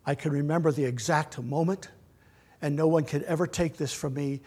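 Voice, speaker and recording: A middle-aged man preaching a sermon in a church, earnest, swinging from loud to near-whispered. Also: a little high, steady tone, moderate pace, breathy edge. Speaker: pastor.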